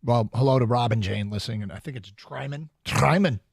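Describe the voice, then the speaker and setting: A man's voice: medium pitch, brisk, creaky, slightly rough, no echo, studio quality. A man hosting a sports radio show, chatting casually and rattling off plugs with fillers. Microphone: studio microphone.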